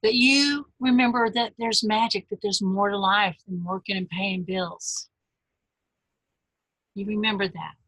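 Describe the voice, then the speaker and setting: A woman in her fifties, a life coach giving a webinar, earnest and gentle, speaking straight to her listeners. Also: mid-range voice, steady tone, unhurried, no echo, rough recording.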